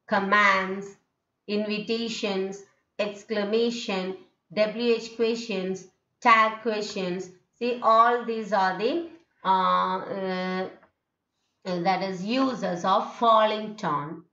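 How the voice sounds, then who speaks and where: A female teacher lectures on English intonation, explaining as she goes, reading examples aloud and dropping in "okay" again and again. Her voice sits in the mid-range with a slight brightness. The audio is dull and lo-fi, captured in an echoey room.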